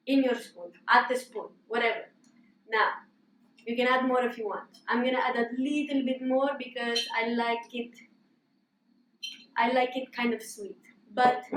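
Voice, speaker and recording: A woman's voice: sits high, distant mic, a little hiss or hum. Woman in a put-on Greek accent, echoey room. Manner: mock-serious, coaxing instructions with playful repetitions. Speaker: host demonstrating a recipe. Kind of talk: comedic cooking demonstration.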